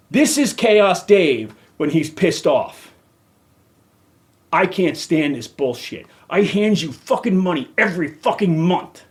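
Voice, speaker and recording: A man's voice: high-pitched, animated, takes it slowly. A middle-aged man hosting a podcast, ranting angrily and cursing heavily. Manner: profane, heated, emphatic. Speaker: podcast host. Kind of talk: angry rant.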